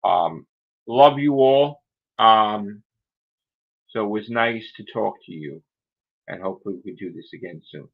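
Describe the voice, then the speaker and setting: A man's voice: on the low side, lively intonation, unhurried, long pauses. A man hosting a casual livestream chat, rambling through grumbling asides while losing his voice. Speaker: livestream host. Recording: dull lo-fi sound.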